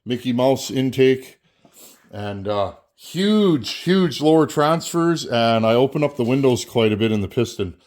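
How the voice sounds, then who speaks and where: In an unhurried, slightly mellow voice of medium pitch and lively intonation, the Canadian man behind a chainsaw channel gives casual workshop talk to camera. He works on a saw as he chats folksily, often repeating a word.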